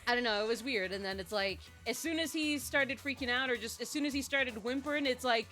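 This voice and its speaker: A woman's voice: a little high, brisk, few pauses, sharp tone, soft background music. A woman streaming a video game in casual, playful chat, who slips into baby talk when she talks to her dog.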